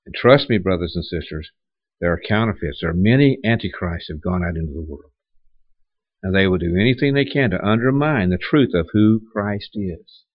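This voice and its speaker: Male pastor, low voice, dry and slightly muffled sound, conversational preaching style. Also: animated, normal speed, no room sound. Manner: conversational preaching with repeated restarts and rhetorical questions. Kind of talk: sermon.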